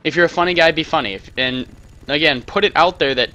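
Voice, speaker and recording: A man's voice: a little high, fast talker, pushed and bright. A young American man giving casual gameplay commentary, rambling with self-mocking jokey asides. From United States. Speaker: gaming commentator.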